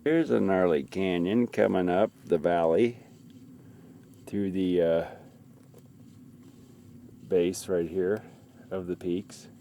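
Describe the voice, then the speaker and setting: A man narrating his mountain hike to a handheld camera outdoors, talking in a halting way with frequent fillers. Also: deep voice, warm tone, slight background noise. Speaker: hiker filming his climb. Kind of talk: casual hiking vlog narration.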